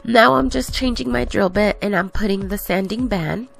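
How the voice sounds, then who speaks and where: A woman's voice: medium pitch, normal speed, gravelly. A woman casually narrating her nail tutorial in a chatty, rambling way, a little out of breath. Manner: chatty, rambling, self-correcting. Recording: voice-over with faint background music.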